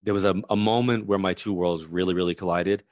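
Interview guest, male, 50s, lower pitch, lively storyteller leaning on fillers, dry close sound. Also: dry recording. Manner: animated, fast, heavy on "like" fillers. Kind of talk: conversational storytelling.

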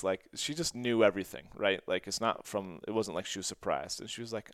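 A man's voice: lowish voice, fast, few pauses, no echo, studio quality. A man hosting a podcast, telling a personal story in an earnest, rambling way full of "like" and restarts. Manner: rambling, many "like" fillers and restarts; earnest and emotional. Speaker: podcast host.

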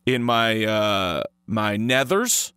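A man's voice: fairly low pitch, animated, slow pace, pushed and bright, smooth, no echo, studio quality. A man co-hosting a podcast in casual chat, rambling and playful with many fillers. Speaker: podcast co-host.

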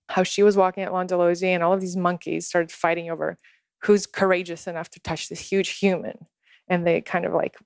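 A woman telling a personal spiritual story in conversation, earnest and unhurried. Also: fairly low pitch, no echo.

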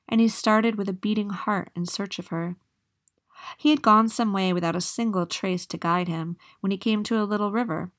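A woman reading a fairy tale aloud in a steady, measured way. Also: mid-range voice. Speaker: storyteller.

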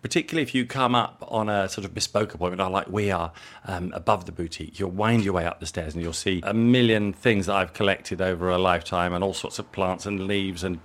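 A middle-aged man from England, an interview guest who talks in a relaxed, rambling way, repeating words as he thinks aloud. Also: low voice, brisk. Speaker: interview guest, jewellery designer. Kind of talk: relaxed conversational storytelling.

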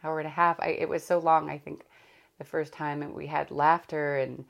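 A woman's voice: deep voice, flat delivery, normal speed, creaky, highs cut off. A woman hosting a podcast, chatting casually in a rambling, candid way that often corrects itself mid-sentence. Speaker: podcast host. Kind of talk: casual chat.

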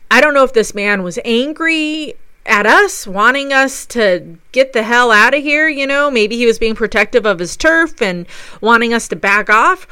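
A woman recounts a ghost investigation as a paranormal investigator, telling it with eager enthusiasm. Her voice is bright and smooth, and it sits close and dry with no room around it. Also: on the high side, no echo. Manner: enthusiastic storytelling. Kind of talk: narrated recap of a ghost investigation.

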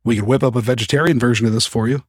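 A man's voice: medium pitch, fairly even intonation, very fast, dry recording, studio quality, lightly acted. A man voicing a middle-aged otter father, reassuring and lightly teasing in how he talks.

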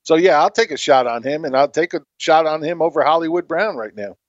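A man's voice: a little high, fairly quick, no echo. A man co-hosting a fantasy football panel, giving blunt, emphatic opinions. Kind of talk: casual sports chat. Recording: dull lo-fi line.

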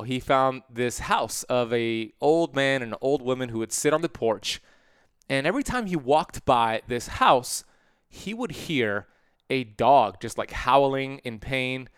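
A man hosting a podcast, giving an energetic, emphatic motivational talk. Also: mid-range voice, smooth, dry recording, clean studio sound. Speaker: podcast host.

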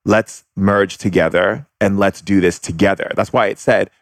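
A man speaking calmly, teaching about spirituality and leading the listener through a guided exercise. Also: low voice, normal speed, dry recording, clean studio sound. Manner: calm, instructive, leads guided exercises. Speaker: shaman guest. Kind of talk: spiritual guidance conversation.

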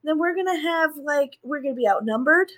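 Pregnant young woman, high voice, blunt and sweary, casual podcast co-host. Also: fairly quick. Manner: blunt, expressive, swears freely. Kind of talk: casual chat.

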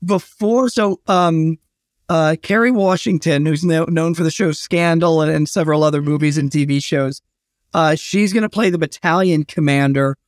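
A man, a historian and guest, telling anecdotes in a relaxed interview, with many fillers and restarts. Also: fairly high pitch, normal speed, no echo, clean studio sound. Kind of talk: casual storytelling interview.

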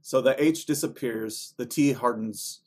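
Husky-voiced, teasing man. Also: mid-range voice, unhurried, darkish tone. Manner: joking, teasing, imitates others. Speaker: podcast co-host. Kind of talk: casual chat.

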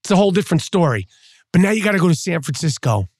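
A man's voice: high voice, sing-song, racing, a little mellow, no room sound, studio quality. A male podcast host delivering a profane, mocking sports rant. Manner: profane, mocking, trash-talking.

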